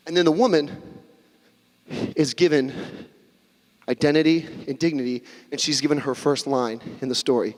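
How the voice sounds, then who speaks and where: A man preaching a sermon as a pastor, conversational and animated, with jokey asides. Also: fairly high pitch, moderate pace, pauses often. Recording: long reverb of a hall.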